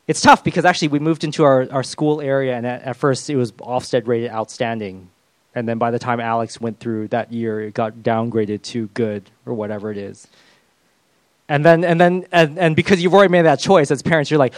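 A man's voice: fairly high pitch, a little fast, dry recording. A man preaching a sermon as a pastor, conversational with self-deprecating humor.

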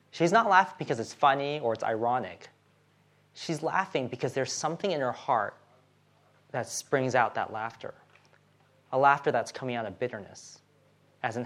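A man's voice: a little high, lively intonation, normal speed. A man preaching a sermon in a conversational way, often acting out the quotes and checking in with "right?".

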